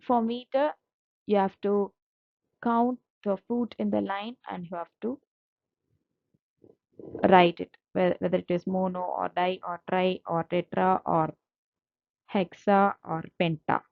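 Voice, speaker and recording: A woman's voice: on the low side, fairly even intonation, unhurried, vocal fry, pauses often, dry recording. A woman teaching a slide-based literature lesson, patient and methodical, repeating key terms and spelling out each syllable. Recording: dull lo-fi dry recording.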